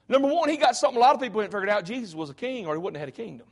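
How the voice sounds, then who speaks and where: A man's voice: extremely high pitch, very fast, few pauses. A man preaching a sermon, fervent and folksy, often breaking in with "hey".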